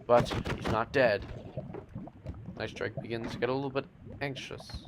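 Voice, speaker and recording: A man's voice: medium pitch, fairly even intonation, normal speed, creaky. A man narrating gameplay in a playful, mock-dramatic way, with teasing asides to the audience. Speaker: narrator of a game series. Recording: noisy home mic with clicks.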